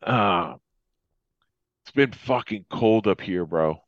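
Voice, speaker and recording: A man's voice: lowish voice, lively intonation, takes it slowly, no room sound. A man from Florida chatting casually as a podcast co-host, rambling, swearing freely and laughing often. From Florida, USA. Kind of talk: casual chat. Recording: dull lo-fi sound.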